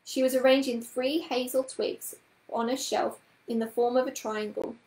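A woman reads a children's storybook aloud in a calm, even way. Her voice sits a little high, and the room gives it a noticeable echo. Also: normal speed. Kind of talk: children's book read-aloud. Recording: roomy echoing room.

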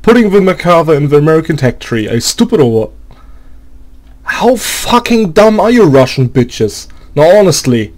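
A man's voice: a little high, very animated, normal speed, darkish tone. A man with a German accent, speaking English as a second language, delivers a profane, exasperated, sarcastic rant about a game. He often halts and hunts for English words. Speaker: gaming video creator. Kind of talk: angry gaming rant.

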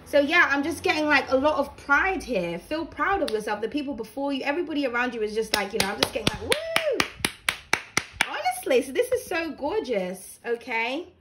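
A woman's voice: high-pitched, very animated, a little fast, hardly any pauses, background noise. A young woman giving a casual, encouraging tarot reading to camera at home, chatty and full of fillers. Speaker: tarot reader. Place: home room with blinds open.

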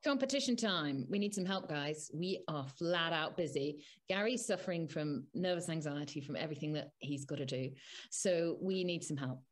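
A woman's voice: low voice, moderate pace. A woman co-hosting a podcast, chatty and playful, laughing easily through casual banter. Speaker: podcast co-host.

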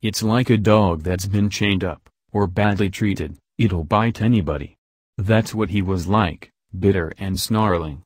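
A man's voice: low-pitched, a little slow, no room sound, studio quality. A man reading the lines of an impulsive young heroine who speaks in an earnest, heartfelt way. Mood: impassioned.

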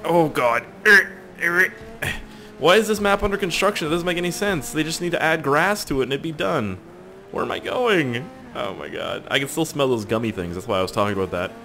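Soft music plays behind a young man narrating his gameplay in a rambling, jokey way, swearing and chatting to viewers. His voice is a little high, animated, and a bit bright, with vocal fry and a fairly quick pace.

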